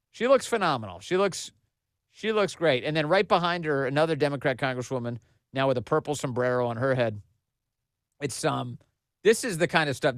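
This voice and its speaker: A man's voice: mid-range voice, no room sound. Mocking male podcast host, dry sound. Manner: mocking, sarcastic, laughing. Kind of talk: political commentary.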